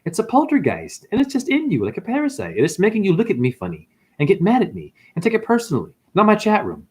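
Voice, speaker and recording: A fast-talking man with a darkish tone and huge pitch swings hosts a livestream, giving a casual spiritual monologue full of slang. He breaks into high, mocking voices when quoting people.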